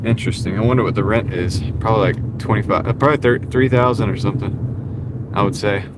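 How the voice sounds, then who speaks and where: A young man who drives deliveries chatting casually with his livestream viewers while driving, relaxed and chuckling often. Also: lowish voice, fast. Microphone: small wireless clip-on mic. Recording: road noise inside a moving car.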